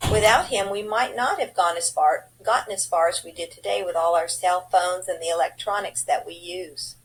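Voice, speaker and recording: A woman presenting a slideshow report, reading it out in a plain, steady way. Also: on the low side, normal speed, rough recording.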